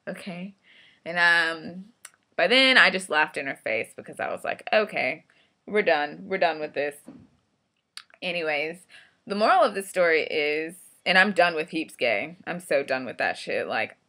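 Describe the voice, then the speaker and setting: A woman's voice: deep voice, lively intonation, normal speed, sharp tone. A woman vlogger telling a story in a casual, blunt, profane and frustrated way.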